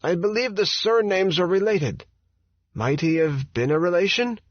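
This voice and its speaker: A man voicing an elderly, aloof male physicist with an Eastern European accent and a gruff, probing way of asking questions. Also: high voice, lively intonation, moderate pace, no room sound, voice pushed up. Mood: curious. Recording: dull, dry audiobook recording.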